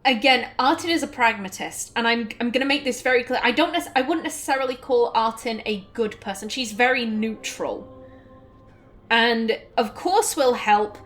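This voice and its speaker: A woman's voice: on the high side, a little fast, few pauses, fairly bright tone. A woman hosting a let's play, chatting through the game in a casual, rambling way with plenty of fillers.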